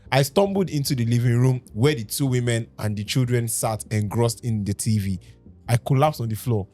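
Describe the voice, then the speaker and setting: A man's voice: medium pitch, dark tone. Nigerian man reading a story aloud. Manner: reads dramatically, breaks off to laugh and joke. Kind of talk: casual podcast reading with banter.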